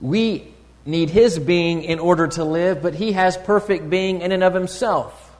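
A man delivers a sermon in a measured, teaching manner, stopping to search for words. His voice sits a bit high for a man. The sound rings with the long reverb of a large hall. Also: darkish tone. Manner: deliberate, teaching tone with pauses and fillers. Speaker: preacher.

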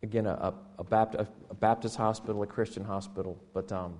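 A pastor preaches a sermon in a church with a lowish voice at a fairly quick pace. He often restarts and repeats words, swinging between loud, animated stretches and hushed, almost silent lines.

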